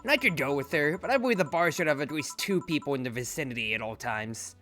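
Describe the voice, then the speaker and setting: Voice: mid-range voice, lively intonation, quick pace, fairly bright tone, faint music behind, lightly acted. A streamer voicing a bossy bar owner who gives orders in a teasing, commanding way.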